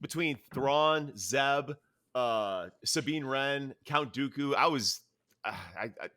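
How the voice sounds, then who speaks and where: A man chatting on a casual podcast in a bright, tense-edged voice. His pitch moves a lot, and he stumbles and repeats words as he goes. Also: lively intonation. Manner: halting, repeats words, laughs. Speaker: podcast co-host.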